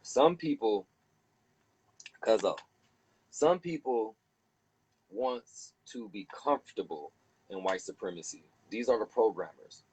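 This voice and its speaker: A man hosting a heated casual discussion, animated and profane, preaching and acting out other people. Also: fairly low pitch, slow pace, long pauses, husky, rough recording.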